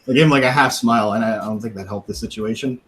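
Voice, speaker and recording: A podcast host with a lowish, slightly bright voice speaks a little fast over soft background music, and the recording is rough. Casually, he tells a lengthy profane story, laughing at times and acting out others' words.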